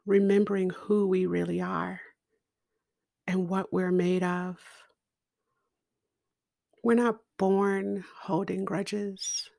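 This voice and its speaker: A middle-aged woman telling a personal story in a slow, deliberate and expressive way, laughing now and then. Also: medium pitch, gravelly. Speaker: podcast guest speaker.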